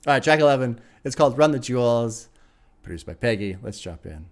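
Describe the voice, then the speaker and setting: Excitable man reacting to music. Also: mid-range voice, a little fast, slight background noise. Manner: enthusiastic, swears freely, laughs often. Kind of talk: casual album reaction commentary.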